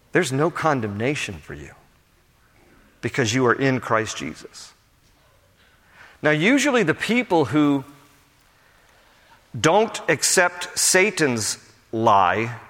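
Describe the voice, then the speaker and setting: A male pastor preaching a sermon to his congregation, swinging between impassioned build-ups and hushed, pastoral passages. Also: medium pitch. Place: church sanctuary with a congregation. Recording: long church hall reverb.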